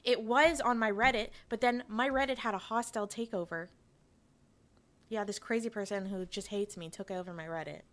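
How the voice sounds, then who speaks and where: A woman's voice: medium pitch, moderate pace, a bit bright. A young woman from Canada, streaming and telling a story in a rambling, laughing way with lots of fillers and restarts, talking to her chat.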